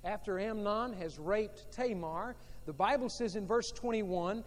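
High-voiced preacher in an echoing hall. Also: male voice, unhurried, hardly any pauses. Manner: emphatic and repetitive, swinging between loud and hushed. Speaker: pastor. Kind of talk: sermon. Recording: long reverb of a large hall.

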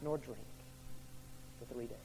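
A man preaching a sermon as pastor, swinging from hushed to loud and repeating his questions to the congregation. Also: mid-range voice, steady tone, measured pace, gravelly, noisy background.

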